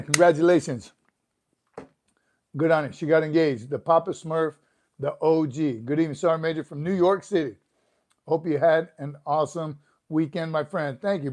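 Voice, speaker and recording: An older man hosts a relaxed live stream, upbeat and chatty as he welcomes viewers by name. His voice sits a touch higher than most men's. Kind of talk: casual livestream chat reading comments. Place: room at home.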